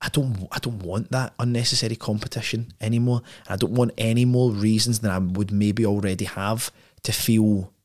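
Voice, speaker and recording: A man's voice: lowish voice, steady tone, normal speed, darkish tone. A man speaking as a podcast guest in casual conversation, blunt and profane, often ending points with tag questions. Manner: frequent tag questions and restarts.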